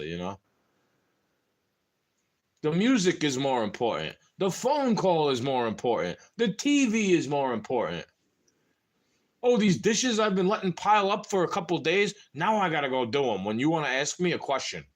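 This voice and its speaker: A young man rambles through a frustrated monologue, slangy and conversational. His voice sits a bit high and swings widely in pitch as he vents. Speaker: vlogger. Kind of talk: casual monologue to camera.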